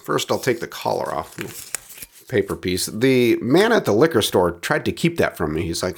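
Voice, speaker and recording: A man hosting a podcast, describing a bottle and tasting it in a measured, descriptive way, with quieter asides as he handles it. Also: fairly low pitch, big pitch swings, creaky, slightly rough. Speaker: podcast host reviewing spirits. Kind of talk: scripted review narration.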